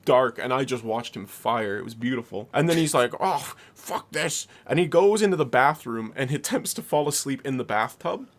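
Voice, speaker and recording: A man's voice: mid-range voice, animated, fairly quick, few pauses. A young man co-hosting a podcast, telling a long story in a rambling way, swearing and laughing as he goes. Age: young adult. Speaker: podcast co-host. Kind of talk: casual storytelling.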